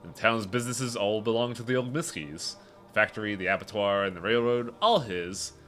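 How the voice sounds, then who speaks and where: A world-weary townswoman from a bleak video game, read aloud by a man. Her voice sits low and bright-edged, grim and measured, laying out who holds power in town as plain fact. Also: faint music behind, lightly acted.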